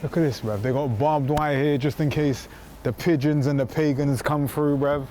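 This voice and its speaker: A man's voice: on the high side, fairly even intonation, normal speed, mellow, slight background noise. A man hosting in a slangy, joking casual chat. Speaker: host.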